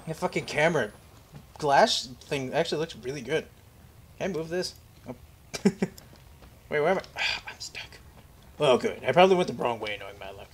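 Jokey young man with a lively voice. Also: on the high side, moderate pace, pauses often, husky. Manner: jokey, rambling self-talk. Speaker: gaming commentator. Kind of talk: let's play commentary.

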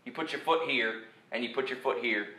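A man's voice: mid-range voice, fairly quick, sharp tone, pitched below the performer's own voice, lightly acted. A man voicing a patient, helpful man from a folk story who gives step-by-step directions, recorded in an echoey church.

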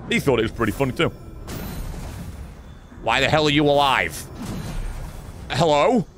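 A man giving sarcastic, excitable commentary while playing a game live on stream. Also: medium pitch, moderate pace, soft background music.

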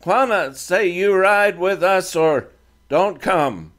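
A man voicing a defiant teenage boy who leads a band of riders and speaks in halting, broken English. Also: sits high, a bit bright, voice pushed up.

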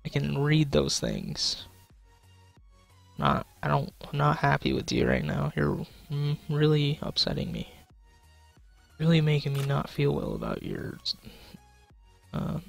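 A young man and gaming YouTuber, his voice on the high side with vocal fry, gives casual commentary while he plays. He swears, jokes, talks to chat, and sounds frustrated.

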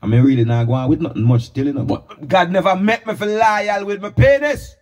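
A man's voice: high-pitched, a little fast, a little mellow. A Jamaican man hosting a comic chat in patois, giving mock-preachy advice. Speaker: comedy host playing a pastor.

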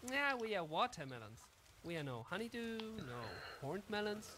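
Laid-back cosmic watermelon. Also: male voice, sits high, very animated, normal speed, noisy background. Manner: casual, offhand, a bit awkward. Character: laid-back supreme watermelon being, male.

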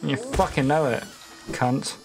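Male streamer, unhurried drawl, excitable and sweary, game music running underneath. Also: mid-range voice. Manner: excitable, swears, laughs often, yelps in frustration. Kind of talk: live gameplay commentary.

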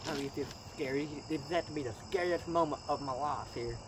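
With a mid-range voice and quick pace, a nervous ghost-hunting vlogger keeps repeating the same phrases while talking to viewers in casual narration. It's shot at night outdoors on a camera set on a tripod, and there's background noise.

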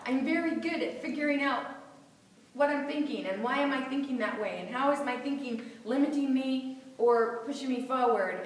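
A middle-aged woman giving a motivational talk to a live audience, animated and laughing often as she acts out inner voices. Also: sits high. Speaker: motivational speaker. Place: seminar room with audience. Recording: echoey hall, voice from far off.

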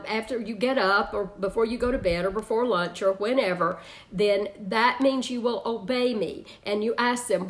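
A woman teaching an online parenting class, chatty, laughing often and reading out viewers' comments. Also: on the high side.

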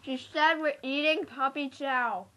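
A woman's voice: high voice, fairly even intonation, measured pace, pushed and bright. A young girl hosting a silly home video, giggling often. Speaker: vlog host. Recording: noisy home recording.

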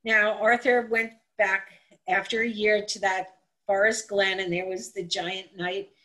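A woman telling a folk tale aloud on a live stream, in an animated, chatty way with asides and restarts. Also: mid-range voice, measured pace, low-quality recording. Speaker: storyteller. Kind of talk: casual live-streamed storytelling.

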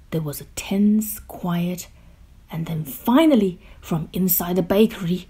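A woman reading a children's picture book aloud, slow, gentle and expressive, sometimes dropping to a hush. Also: medium pitch, husky. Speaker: storyteller.

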